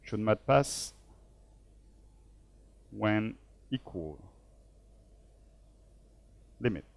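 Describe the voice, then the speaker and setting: A man's voice: lowish voice, lively intonation, creaky. A man from Switzerland gives a conference talk with live coding. He thinks aloud while typing and jokes about himself along the way. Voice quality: measured, self-deprecating. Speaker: conference speaker. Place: conference hall.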